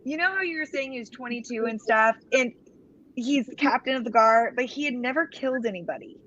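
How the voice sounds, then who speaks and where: A woman joining a live book discussion, easygoing and quick to agree. Her sound comes through dull and lo-fi, as over a cheap connection. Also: a little high, fairly bright tone. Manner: agreeable, backs others with "right". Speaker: book club guest. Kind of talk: casual live book chat.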